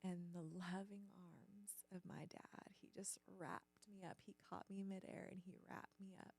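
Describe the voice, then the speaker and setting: A woman hosting a business channel, telling a personal story in an earnest, halting way with lots of fillers. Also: mid-range voice, steady tone, gravelly, darkish tone.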